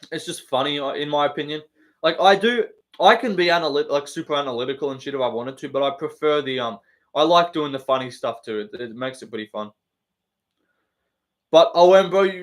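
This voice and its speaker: A young man with an Australian accent chats through a live stream, reading viewer comments and firing back jokes. His voice sits a little high for a man, and the talk is loose and full of slang and swearing.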